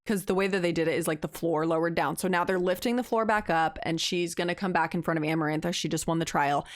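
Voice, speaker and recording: A young woman co-hosting a podcast, casually retelling a book's plot in an animated way. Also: lowish voice, fast talker, dry recording, studio quality. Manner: animated retelling with acted quotes. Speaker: podcast co-host. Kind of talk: casual book recap chat.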